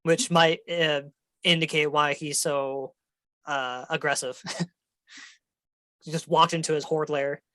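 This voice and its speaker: A man narrating as game master of a tabletop game, relaxed and descriptive with fillers. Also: fairly high pitch, slow, long pauses, dry recording.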